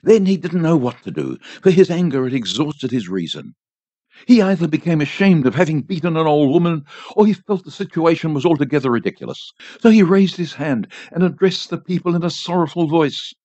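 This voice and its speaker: A man reading a short story aloud in a measured, expressive way for a volunteer radio station. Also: a little high, no room sound. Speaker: volunteer reader. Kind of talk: audiobook narration. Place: home studio. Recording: dry, slightly dull home studio.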